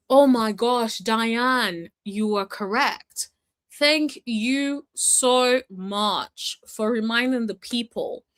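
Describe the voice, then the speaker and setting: A woman's voice: a little high, fairly bright tone. A woman giving casual commentary as a reality TV recap vlogger, chatty, emphatic and opinionated, calling her viewers y'all and honey.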